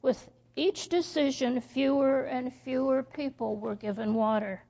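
A woman reading a story aloud to children in church, halting and stumbling over words as she goes. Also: sits high, steady tone, mellow. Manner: slow, halting reading with slips and restarts. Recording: dull lo-fi recording.

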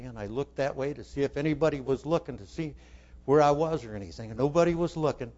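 Older man telling a folksy story. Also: mid-range voice. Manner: asks listeners questions, drops to a hush for inner thoughts. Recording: dull lo-fi recording.

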